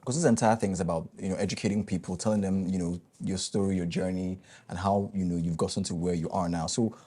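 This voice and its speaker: A man's voice: sits low, steady tone, fast, warm tone, breathy edge. A man hosting an interview, asking encouraging questions and summing up advice. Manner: encouraging, wrapping up. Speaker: host.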